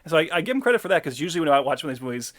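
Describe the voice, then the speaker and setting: A man's voice: on the high side, big pitch swings, very fast, a bit bright. A man co-hosting a podcast, chatting casually and with opinions about an old film, cracking dry jokes. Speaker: podcast co-host.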